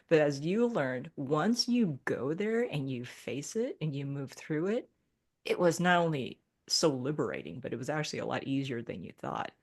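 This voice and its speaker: A woman's voice: low-pitched, a little mellow. A woman guest on a podcast, talking casually and reflectively about healing and Reiki, often acting out her own thoughts and laughing.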